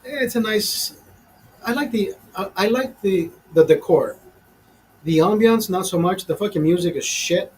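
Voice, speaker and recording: A man's voice: high voice, measured pace, slight background noise, poor audio. A man of fifty, a show host, telling a rambling story in casual chat, swearing a lot and sounding exasperated. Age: 50s. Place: small studio.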